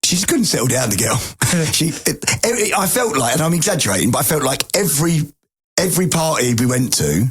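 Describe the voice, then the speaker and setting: A man co-hosting a podcast, telling stories in casual chat with lively swearing. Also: a little high, a little fast, slightly rough, faint music behind. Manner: animated, swearing storyteller. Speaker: podcast co-host.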